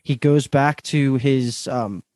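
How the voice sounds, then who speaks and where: A man co-hosting a casual podcast, talking excitedly, swearing, and groping for words. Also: medium pitch, slow, no room sound. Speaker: podcast co-host. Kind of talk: casual chat reviewing a TV series.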